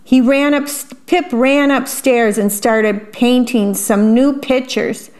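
A woman reads a children's picture book aloud at an unhurried pace. Her voice sits a little high, and she breaks off to describe the pictures in a chatty aside. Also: darkish tone. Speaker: storyteller.

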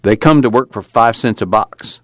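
A man's voice: lowish voice, normal speed, fairly bright tone, dry recording, studio quality, voice pushed up, natural voice. A man voicing a battered, weary young farm worker who talks in a drawling rural dialect, his voice straining with grief. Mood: anguished.

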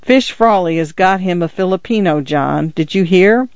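A man voicing a genial older priest with an easygoing, gently teasing manner. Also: sits high, moderate pace, clean tone, dry recording. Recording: dull lo-fi recording.

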